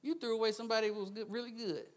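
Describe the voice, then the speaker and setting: A guest speaker preaches a sermon in a high, steady voice at a very fast pace. He swings between hushed asides and loud, emphatic bursts, laughing often.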